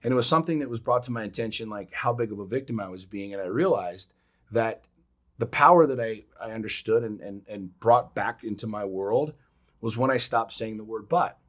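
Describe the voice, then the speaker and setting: A man's voice: lowish voice, brisk. Emphatic, swearing male podcast co-host. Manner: emphatic, swears freely, acts out quotes with sudden loud jumps. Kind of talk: casual motivational talk.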